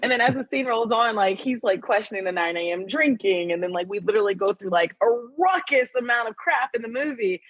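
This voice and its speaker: A bubbly woman chats casually as a podcast guest, her voice a bit husky. She laughs a lot and scatters "like" through her sentences. The sound is dry and close. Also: mid-range voice, lively intonation, fairly quick, hardly any pauses, a bit bright, no room sound. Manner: bubbly, laughs often, many "like" fillers. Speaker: guest actress.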